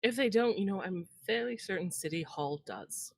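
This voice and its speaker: A woman's voice: mid-range voice, expressive, moderate pace, gravelly, no room sound. A woman playing a tabletop game, chatting casually and joking at her own expense. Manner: chatty, self-deprecating, laughs at herself. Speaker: player. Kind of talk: casual tabletop role-play chat.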